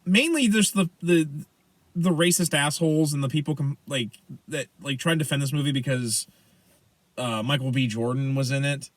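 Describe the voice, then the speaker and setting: A man's voice: mid-range voice, normal speed, no room sound. A man in his late twenties, co-hosting a podcast in casual chat, rambling and profane, often stammering and restarting. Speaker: podcast co-host.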